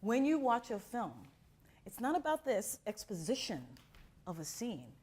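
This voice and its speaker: A middle-aged woman from Miami leads an acting class. She talks at an even pace with a lively, swooping pitch, and she keeps breaking into little acted scenes. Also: unhurried, husky. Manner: expressive storyteller who acts out quotes. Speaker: acting teacher. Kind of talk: animated class talk with acted-out anecdotes.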